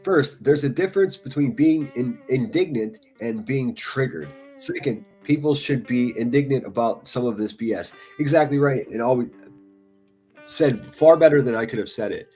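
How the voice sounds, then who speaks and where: A man's voice: medium pitch, animated, normal speed, a little mellow, faint music behind. Foul-mouthed mocking man streamer. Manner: profane, taunting, laughs often. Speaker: livestream commentator. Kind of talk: mocking live-stream commentary.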